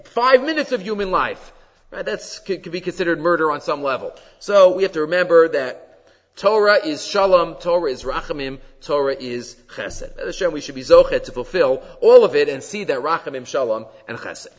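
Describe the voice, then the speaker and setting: A man giving a Torah class, teaching with animated delivery and weaving Hebrew and Aramaic quotes into English. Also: a little high, normal speed, long reverb tail, muffled recording. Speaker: rabbi giving a weekly class.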